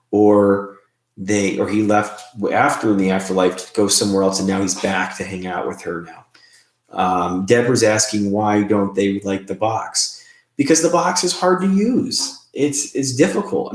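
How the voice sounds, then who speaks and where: A man hosting a live online show, talking in a rambling, halting way with many restarts. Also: fairly low pitch, reverberant. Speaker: host. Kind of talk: live-stream chat about spirit box sessions.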